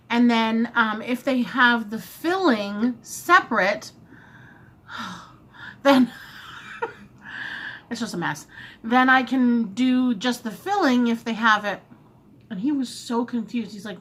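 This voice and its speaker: A woman vlogger casually telling a long story while eating, chatty and animated, often acting out what she and others said. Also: a little high.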